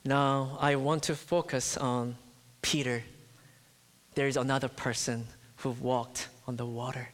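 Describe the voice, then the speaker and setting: A man's voice: medium pitch, level tone. A man preaching a sermon, emphatic, dropping to a near-whisper at times. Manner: emphatic, slow, swings from loud to near-whisper. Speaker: pastor. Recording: long hall reverb.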